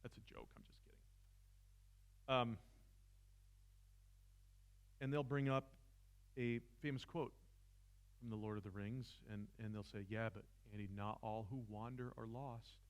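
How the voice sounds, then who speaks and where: This philosophy teacher speaks in a lowish, steady voice, unhurried and pausing often, during a seminar held in a church room. Despite the measured pace he grows impassioned, nearly shouting, and jokes at his own expense.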